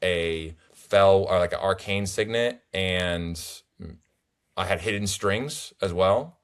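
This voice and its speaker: Young man, very deep voice, rambling animated storyteller, casual recap. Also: slow pace, clear, resonant tone. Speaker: tournament player guest.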